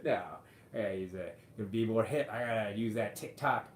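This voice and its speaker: A man's voice: lowish voice, normal speed, a little hiss or hum. A man in his forties hosting a podcast, delivering a profane, sarcastic rant into a microphone. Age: 40s. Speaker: podcast host. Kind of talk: ranting monologue. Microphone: studio microphone. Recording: roomy echo.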